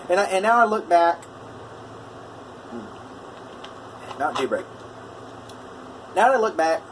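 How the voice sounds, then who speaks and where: In a casual vlog, a welder talks directly to the camera, retelling a phone argument with a customer and switching between his own even, medium-pitched voice and the other man's heated lines. The animated retelling quotes both sides, and a faint hum sits under his voice on this low-quality recording.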